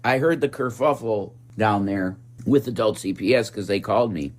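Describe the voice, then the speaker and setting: A man's voice: lowish voice, moderate pace. A man telling a story in a casual vlog, earnest and dramatic, acting out the voices of the people in it. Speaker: vlogger.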